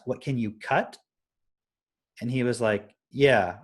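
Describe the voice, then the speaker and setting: Man, young adult, husky voice, casual live stream talk, anecdotal, conversational. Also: medium pitch, steady tone, a little slow. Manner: explains with anecdotes, often asks "right?".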